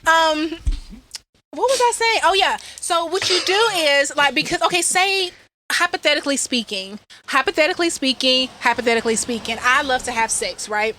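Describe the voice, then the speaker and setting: A woman co-hosting a podcast outdoors, chatting casually in an animated way, laughing and swearing freely. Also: high voice, normal speed, slight background noise. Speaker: podcast co-host. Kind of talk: casual chat.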